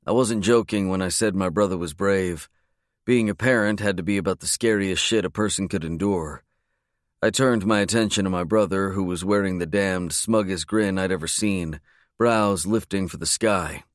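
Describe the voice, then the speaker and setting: A man reading a romance audiobook in a measured, low-key narration. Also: dry recording, studio quality. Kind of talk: scripted narration.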